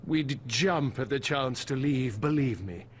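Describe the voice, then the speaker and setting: A man's voice: medium pitch, measured pace, slight background noise, natural voice. An actor playing a worried male farmer, a former financier and weary husband, polite and anxious. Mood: earnest. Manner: polite, anxious, put-upon. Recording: game audio with soft music behind.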